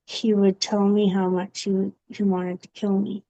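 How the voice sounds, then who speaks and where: Woman, halting testimony, dark gravelly voice, dull lo-fi sound. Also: mid-range voice, little pitch movement. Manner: halting, with frequent pauses and fillers. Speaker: guest giving a testimony. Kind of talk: personal testimony interview. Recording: dull, muffled recording.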